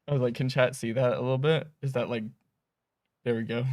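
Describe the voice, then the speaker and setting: A man hosting a game studio's livestream, telling stories in a rambling, animated way on a close mic. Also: medium pitch, fairly quick, long pauses, no echo. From United States. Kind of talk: casual livestream chat.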